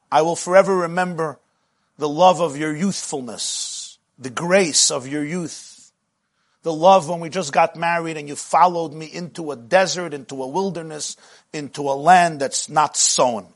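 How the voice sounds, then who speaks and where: Animated husky rabbi giving a lecture. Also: male voice, a little high. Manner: animated, rises to shouting when retelling the midrash. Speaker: rabbi teaching Torah class. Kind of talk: lively Torah lecture.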